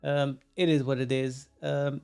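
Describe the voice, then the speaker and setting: Gravelly man co-hosting a podcast. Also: medium pitch, flat delivery, unhurried, dark tone, faint music behind. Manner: emphatic, repeats himself, frequent agreeing hums. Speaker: podcast co-host. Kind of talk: casual opinion podcast chat.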